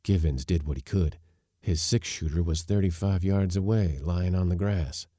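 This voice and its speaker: A man reading a story aloud in an expressive, wry narrating manner. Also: deep voice, normal speed, no room sound, clean studio sound. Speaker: audiobook narrator.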